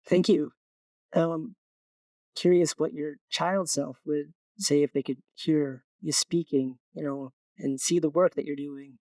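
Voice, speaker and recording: A male interviewer asking a guest careful, measured questions. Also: on the high side, steady tone, darkish tone, dry recording. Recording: distant mic, dry room.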